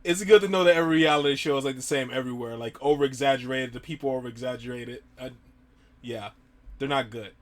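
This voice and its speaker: A man's voice: mid-range voice, quick pace. A man giving easygoing, casual commentary as a reaction video host. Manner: easygoing, hedging.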